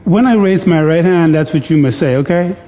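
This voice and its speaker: Male preacher, interactive church sermon, warm mellow tone, jokey, slow deliberate scripture reading. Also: fairly high pitch, big-room sound. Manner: jokey, coaxing the congregation into call-and-response; reads scripture slowly and deliberately.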